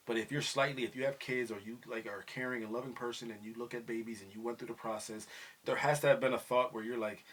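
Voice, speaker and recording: Talking fast in a medium-pitched, fairly bright voice, this middle-aged podcast host chats casually with his son on their family show. He's animated, keeps dropping into quoted voices, and leans on fillers such as "you know what I mean".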